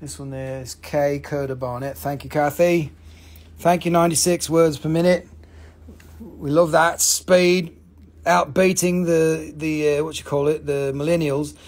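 Gravelly rambling man hosting a gem sale. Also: a little high, steady tone, measured pace. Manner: rambling, joking and profane, calling out buyers and prices. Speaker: host of a live gemstone sales stream. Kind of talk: live sales stream chat. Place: family-owned rock shop.

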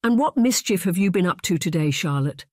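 A narrator voicing a drunken, bitter Scottish laird, gruff and scornful, with a Scottish accent. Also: medium pitch, lively intonation, fairly quick, darkish tone, dry recording, studio quality, voice pushed up, natural voice. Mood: angry.

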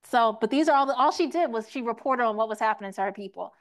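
A woman's voice: fairly high pitch, expressive, fast talker. A young woman teaching a room, asking the audience questions and acting out quoted voices. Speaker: teach-in speaker. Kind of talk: interactive classroom lecture.

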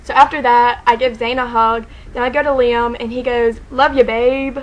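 Girl rambling excitedly to her camera, kinda high voice, says like every other word. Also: moderate pace, low-quality recording. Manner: excited, rambling, heavy use of "like", frequent laughter. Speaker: fan telling a story. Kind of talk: casual storytelling vlog.

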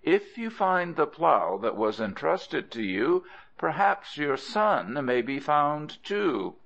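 Man voicing a stern shrewd judge, commanding, raised voice, lively pitch, lo-fi. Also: slow, gravelly, full character voice. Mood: knowing. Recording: dull lo-fi audio.

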